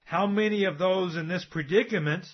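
A man's voice: high voice, moderate pace, husky. A man preaching a sermon, emphatic and asking rhetorical questions of his listeners. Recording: dull lo-fi recording.

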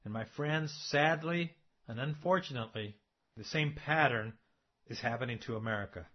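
A man's voice: mid-range voice, moderate pace. A man preaching a sermon, emphatic and asking rhetorical questions of his listeners. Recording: dull lo-fi recording.

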